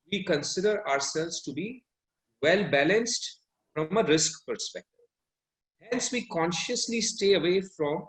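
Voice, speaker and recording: A man's voice: high voice, roomy sound, low-quality recording. A man, explaining investment risk in an analytical way that often corrects itself mid-sentence. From India. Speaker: fund manager guest. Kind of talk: explanatory panel talk.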